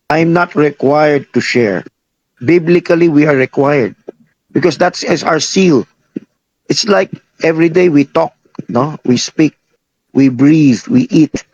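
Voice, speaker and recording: A man's voice: on the high side, darkish tone, dry recording, dull audio. A man preaching a sermon, teaching by firing questions at the congregation and repeating himself. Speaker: pastor.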